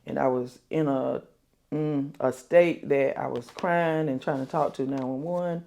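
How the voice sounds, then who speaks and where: An older woman, telling a painful family story in an interview, halting and repeating herself. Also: very deep voice, steady tone, gravelly, dark tone. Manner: halting, repeats herself, quotes others aloud. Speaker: interview guest. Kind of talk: emotional interview.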